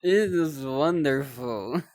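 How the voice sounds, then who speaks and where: A young woman on a live stream talks in a slow, drawn-out way, her voice sitting a little low. She rambles, pokes fun at herself and trips over repeated words as she chats. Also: expressive, a little mellow. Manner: rambling, self-deprecating, stumbles and repeats words. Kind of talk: casual live-stream chat.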